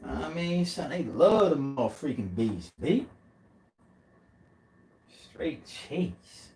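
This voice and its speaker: A man's voice: on the high side, big pitch swings, takes it slowly, darkish tone, slightly rough, soft background music. A man vlogging a rambling, profane conspiracy rant full of street slang.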